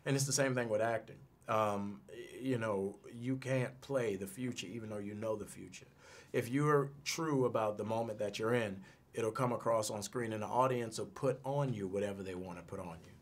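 A man's voice: fairly low pitch, moderate pace. Laid-back joking actor, a man. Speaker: actor being interviewed. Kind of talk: casual press junket chat. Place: studio interview room.

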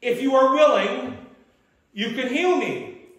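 Preacher doing a desperate outcast leper, raised pitch, ashamed and pleading, booming church echo. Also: male voice, lively intonation, takes it slowly, dull audio, exaggerated voice. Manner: shouting warnings, then begging humbly. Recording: echoey church hall.

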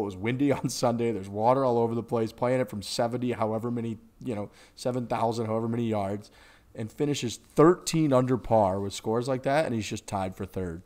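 A man co-hosting a golf podcast, talking in a rambling, profane, animated way about the tour. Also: mid-range voice, brisk. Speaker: podcast co-host. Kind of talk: casual golf podcast chat.

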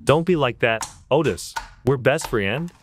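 A woman voicing an earnest, protective young man in a storytime animation, speaking softly and simply. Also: very deep voice, lively intonation, a little slow, a little hiss or hum. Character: sweet-talking young man, protective boyfriend.

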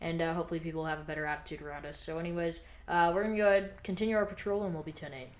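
A woman's voice: deep voice, fairly even intonation, racing. A woman casually narrating her gameplay as a role-played police officer, chatting loosely and sometimes barking commands at suspects.

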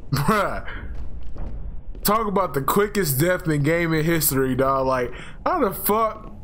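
A young man with a hoarse, worn-out voice playing a horror game, loud and excitable, swearing and screaming at jump scares. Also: fairly high pitch, a little slow, slight background noise. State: hoarse, losing his voice. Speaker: gaming YouTuber. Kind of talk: horror game let's play commentary.

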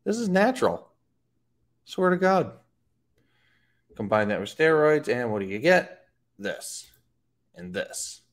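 A man's voice: mid-range voice, sing-song, slow pace, long pauses. A man giving casual fitness commentary from home, blunt and profane, breaking into sarcastic mocking asides. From Florida. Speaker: fitness coach. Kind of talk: casual talking-head commentary.

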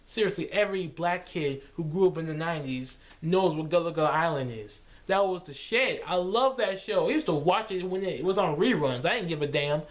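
A young man rambling casually to camera, his fairly high voice swinging up and down with lots of expression. He talks loosely and jumps into goofy voices as he goes. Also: brisk, hardly any pauses. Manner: animated, jumps into silly voices and laughs. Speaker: vlogger.

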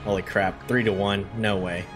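A man streaming a game, rambling and reacting loudly to surprises in casual commentary. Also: lowish voice, flat delivery, moderate pace. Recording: game music behind voice.

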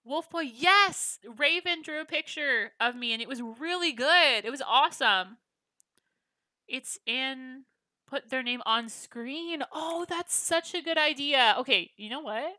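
A woman's voice: sits high, unhurried, bright, forceful tone, dry recording. A woman hosting a gaming livestream, chatting casually and bubbly with her viewers. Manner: bubbly, chatty, reacting to chat.

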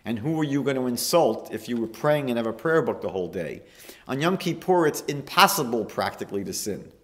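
A rabbi delivering a lecture in a mid-pitched male voice. He tells stories and builds his points to emphatic, raised peaks. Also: animated, brisk, fairly bright tone. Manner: storytelling, rising to emphatic peaks. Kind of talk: lecture sermon.

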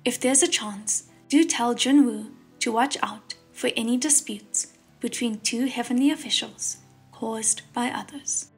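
A composed young male god, read by a woman in an audiobook, thinking in a measured, serious tone. Her voice is husky and fairly high, with faint piano behind. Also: exaggerated voice.

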